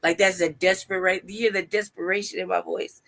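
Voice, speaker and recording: Black woman on a live stream, gravelly voice, joking and talking trash, laughs a lot. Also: lowish voice, little pitch movement, a little fast, a bit bright. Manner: laughing, playful boasting, trash talk. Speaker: co-host of a live stream talk show. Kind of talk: casual live-stream chat.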